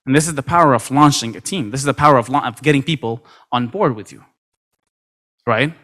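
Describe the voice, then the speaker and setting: A man giving an energetic motivational talk at a convention, acting out quoted dialogue with lots of repetition. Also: mid-range voice, fairly quick. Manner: animated, acts out quoted dialogue, many repetitions. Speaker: motivational speaker. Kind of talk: energetic storytelling speech. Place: convention stage.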